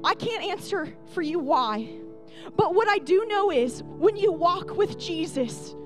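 A woman's voice: very high-pitched, animated, a little slow, over music. A young woman pastor delivering a sermon, tender and earnest, building to emphatic peaks.

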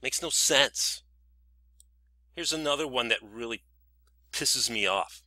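A man vents in a sarcastic, indignant monologue, piling up rhetorical questions. His voice is strikingly bright and cutting. The sound is dry and close, with no room around it. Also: medium pitch, slow pace, no room sound. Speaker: vlogger. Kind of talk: scripted ranting monologue.

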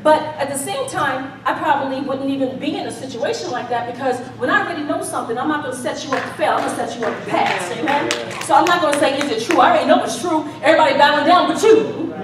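A woman's voice: high-pitched, expressive, quick pace, crowd noise. A woman preaching a casual, playful sermon, joking and laughing with the congregation. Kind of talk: conversational sermon. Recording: echoey church hall, mic at a distance.

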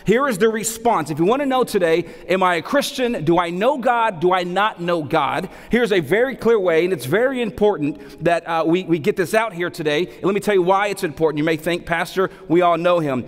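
Animated pastor preaching in a reverberant sanctuary. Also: male voice, high-pitched, fairly quick, few pauses. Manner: animated, repeats key phrases for emphasis, mixes humorous stories with preaching. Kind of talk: sermon. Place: church sanctuary. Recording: long hall reverb.

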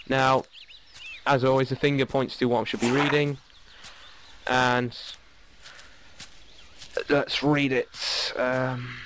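A man gives relaxed let's play commentary at an ordinary mid pitch. His talk rambles and is full of fillers. Jungle game ambience and animal calls come through clearly behind him. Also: noisy background. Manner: chatty, rambling with many fillers. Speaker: gaming channel host. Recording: game audio under the voice.

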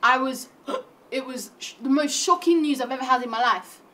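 A young woman, delivering a comic monologue that retells a classic play in modern slang, animated and full of slangy asides. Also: sits high, normal speed. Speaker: comedic performer.

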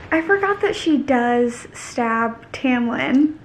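A woman's voice: a little high, normal speed, creaky, slight background noise. A woman vlogging a casual book reread, reading passages aloud and reacting to them in a chatty, gushing way full of "like". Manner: chatty and gushing, heavy use of "like".

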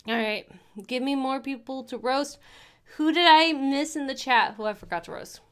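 A woman's voice: high-pitched, normal speed, fairly bright tone, clean tone. A woman streamer in casual livestream chat, rambling and often breaking off mid-word to restart. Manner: rambling, with frequent self-interruptions and restarts.

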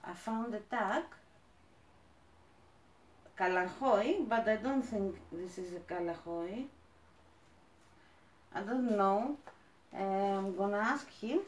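A woman from Greece with a Greek accent, chatting as she unboxes plants, gushing and halting with fillers. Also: medium pitch, reverberant. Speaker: plant vlogger. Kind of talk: casual unboxing chat.

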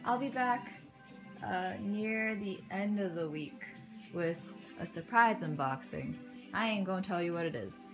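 Gushing young woman with a lively voice. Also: on the low side, a little slow, music in the background. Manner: gushing and excitable, with soft muttered asides and frequent laughs. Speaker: unboxing vlogger. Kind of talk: casual unboxing commentary.

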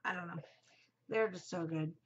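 A woman's voice: lowish voice, normal speed, a little hiss or hum. A middle-aged woman hosting a casual chat podcast, chatty, emotional and gushing as she talks. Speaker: podcast host. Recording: muffled lo-fi home recording.

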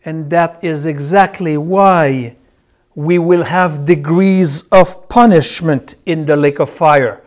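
A man's voice: a little high, takes it slowly. A man teaching a Bible class, who repeats key phrases and tells his students which words to circle as he reads.

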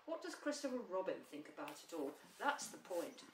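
A woman's voice: lowish voice, big pitch swings, brisk, roomy sound, distant mic, slight background noise. Woman reader doing a self-important, bossy storybook rabbit.

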